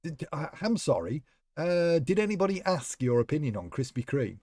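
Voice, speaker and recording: A man chats casually while streaming a game, rambling and calling viewers by name. His voice is mellow and its pitch moves freely, recorded dry and close. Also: big pitch swings, normal speed, dry recording. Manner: rambling, chatty, talks to chat members by name. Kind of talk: casual live-stream chat while playing.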